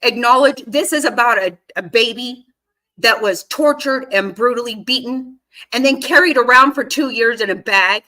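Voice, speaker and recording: A woman's voice: a little high, normal speed, pushed and bright. A woman giving casual reaction commentary on a court case, indignant and swearing freely as she talks back at the screen. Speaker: true-crime commentary host.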